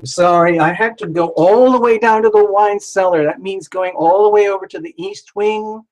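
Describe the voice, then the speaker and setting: A man with a high voice and a darkish tone reads tarot live at a moderate pace. He jokes around and slips into sing-song asides, all on a low-quality recording.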